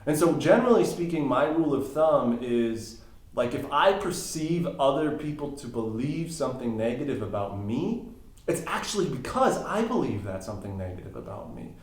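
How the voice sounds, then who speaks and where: A man's voice: mid-range voice, big pitch swings, normal speed. Man coaching in a roomy echo. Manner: reflective, explains ideas step by step with emphatic rises. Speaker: voice and life coach, podcast guest. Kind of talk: casual interview talk.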